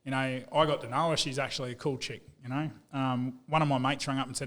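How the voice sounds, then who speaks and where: A man's voice: mid-range voice, fairly even intonation, fast, few pauses, fairly bright tone. A man with an Australian accent telling stories in a laid-back, blokey way, full of "mate" and "you know", as a guest on a casual podcast. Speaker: business owner.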